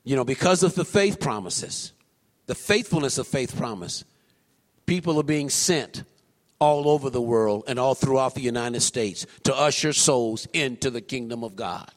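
A man preaching a sermon in a church, swinging from low murmurs to high, shouted calls. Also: lively intonation, normal speed, long reverb tail. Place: church sanctuary.

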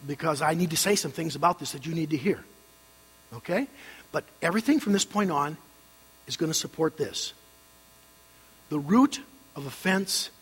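An older man preaching a sermon as a pastor, animated and leading his congregation in call-and-response. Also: high-pitched, slightly rough. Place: church sanctuary. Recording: reverberant hall with mains hum.

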